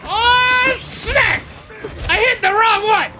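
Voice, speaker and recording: A streamer giving loud, foul-mouthed gameplay commentary and shouting insults at the monsters. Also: extremely high pitch, slow, background noise. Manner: loud, swearing, yelling at monsters. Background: game music.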